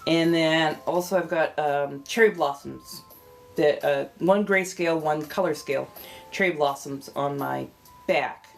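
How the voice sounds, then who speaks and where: Californian woman, livestream host, lowish voice, rambling and chatty, faint music behind. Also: measured pace, vocal fry. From California, United States. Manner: rambling, chatty, greets viewers warmly as they arrive. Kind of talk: casual livestream chat.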